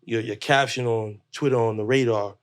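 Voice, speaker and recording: A man's voice: medium pitch, steady tone, normal speed. A man hosting a podcast interview, easygoing and chatting casually, often backing his guest up with short affirmations. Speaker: podcast host.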